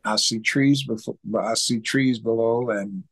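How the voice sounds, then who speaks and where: A man's voice: mid-range voice, unhurried, breathy edge, dry recording. A man, telling a story as an interview guest, repeating himself and acting out sounds. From Mississippi. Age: 80s. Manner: animated storyteller with repetitions and sound effects. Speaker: guest musician.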